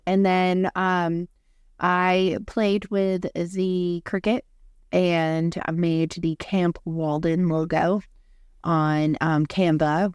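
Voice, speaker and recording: A young woman co-hosting a podcast in casual chat, talking in a flat monotone, hoarse after losing her voice. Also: fairly low pitch, no room sound, studio quality. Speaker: podcast co-host.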